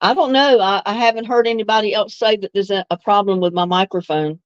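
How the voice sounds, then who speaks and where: A woman's voice: medium pitch, fairly even intonation, fast talker, no room sound, lo-fi sound. A woman hosts a casual live stream, chatting easily with viewers and laughing often. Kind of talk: casual live chat answering viewer comments.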